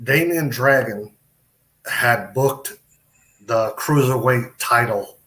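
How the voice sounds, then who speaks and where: A man's voice: medium pitch, slow pace, sharp tone. A middle-aged man, a wrestler, telling rambling stories with quoted dialogue in a casual interview. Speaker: podcast guest, wrestler.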